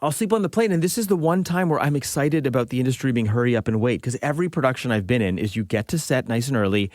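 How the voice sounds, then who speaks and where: Male podcast co-host, 40s, mid-pitched, lively anecdote teller who acts out the quotes, dry studio mic. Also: fast talker, no echo. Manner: lively storyteller acting out quoted dialogue. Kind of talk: casual anecdotal storytelling.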